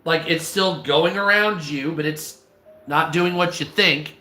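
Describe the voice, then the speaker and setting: A man ranting casually on a live stream, swearing often, stammering and clearing his throat. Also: fairly high pitch, measured pace, sharp tone, echoey room, faint music behind. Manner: profane, exasperated, restarts and stammers.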